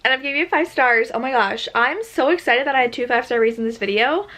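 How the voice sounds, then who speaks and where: A woman's voice: high-pitched, fast, pushed and bright. A young woman chatting casually in a reading vlog, gushing with enthusiasm and filling her talk with "like". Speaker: book vlogger.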